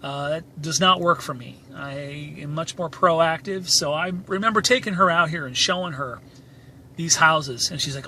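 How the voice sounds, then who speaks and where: A man's voice: a little high, sharp tone, a little hiss or hum. Emphatic man telling a story on the move. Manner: emphatic, rambling storytelling with many "and, uh" pauses. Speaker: motivational channel host. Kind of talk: personal story told while touring a neighborhood. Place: outdoors, moving through a residential neighborhood. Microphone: handheld camera filming as he goes.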